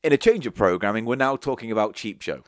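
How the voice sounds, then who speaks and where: A man co-hosting a comedy podcast, teasing and quick to laugh. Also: mid-range voice, lively intonation, background noise. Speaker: podcast co-host. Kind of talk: casual comedic banter.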